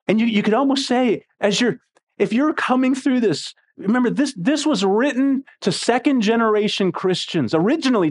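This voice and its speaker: A man preaching a sermon in an animated, expressive way, swinging between excited bursts and quiet, hushed passages. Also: extremely high pitch. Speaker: pastor.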